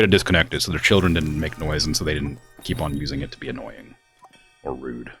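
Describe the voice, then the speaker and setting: Deep-voiced guy streaming a game, rambly and annoyed, soft music behind. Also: fast. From US West Coast. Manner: rambling, filler-heavy, exasperated about family. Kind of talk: casual chat while gaming.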